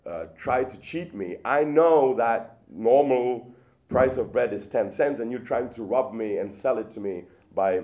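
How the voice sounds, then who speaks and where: A man's voice: mid-range voice, expressive, measured pace, mellow, lightly acted. A man acting out an indignant male tourist who angrily accuses a market seller of cheating him. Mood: outraged. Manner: outraged, accusing.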